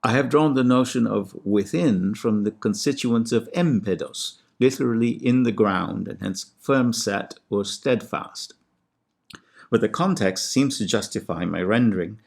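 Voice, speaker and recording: A man, a classics scholar, giving a measured and precise lecture on ancient poetry with a lightly wry touch. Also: fairly low pitch, gravelly, a little mellow. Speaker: classics scholar and podcast host. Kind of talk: scripted lecture with recited Greek verse.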